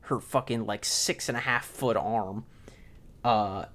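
A man's voice: lowish voice, slow, fairly bright tone. A man co-hosting a podcast, casually retelling a film scene and acting out its lines with plenty of swearing. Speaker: podcast co-host. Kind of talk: casual movie review chat.

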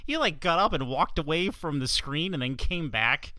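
A man co-hosts a casual sports podcast in a relaxed, meandering way and laughs often. His voice is clear and bright, his delivery unhurried, and his pitch swings widely. The mic sounds dry. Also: no echo. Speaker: podcast co-host.

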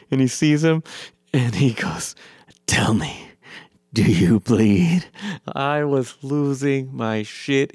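A man excitedly recapping a film in a rambling, profane way, his voice worn from long talking. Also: medium pitch, vocal fry, no room sound, studio quality. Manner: enthusiastic, profane, rambling with many fillers. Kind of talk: excited movie recap monologue.

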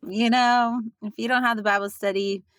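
A young woman with a Californian Valley Girl accent, co-hosting a podcast in casual chat with a playful, drawn-out way of talking. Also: fairly high pitch, fairly even intonation, a bit bright, no room sound. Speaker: podcast co-host.

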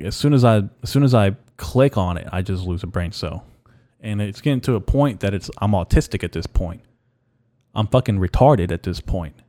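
A young podcast host rants on his own in a casual solo show, blunt and heavily profane, repeating himself often. His voice is on the low side and warm, recorded clean in a studio with no echo.

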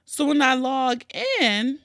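Woman podcast host, somewhat high voice, dry close sound, candid and profane, animated storytelling. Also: slow pace, no room sound. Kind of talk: casual storytelling.

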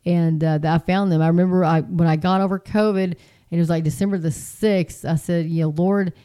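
Chatty middle-aged woman, mellow voice. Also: fairly quick, clean tone. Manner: animated, chatty, jumps to high mocking voices. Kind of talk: casual spoken monologue.

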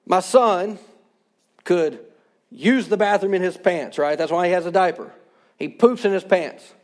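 A man's voice: sits high, unhurried. A man in his thirties, a pastor, preaching a sermon in an earnest, conversational way.

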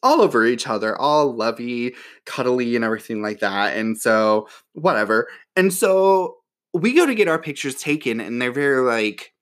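A man telling a story in a casual, sassy way, full of "like", his voice leaping up when he gets excited. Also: normal speed. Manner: chatty and sassy, heavy use of "like"; animated, with voice jumping high when excited.

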